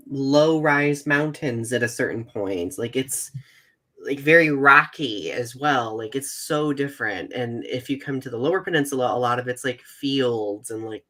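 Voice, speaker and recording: A man from central Michigan co-hosting a casual podcast, animated and full of "like". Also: medium pitch, measured pace. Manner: animated, heavy use of "like". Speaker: podcast co-host. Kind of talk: casual chat.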